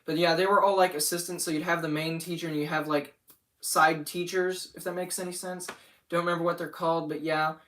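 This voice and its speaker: A man's voice: a little high, level tone, a little fast, a bit bright, far from the mic. A young man rambling casually about his animation channel on a livestream, often getting sidetracked. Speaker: channel owner.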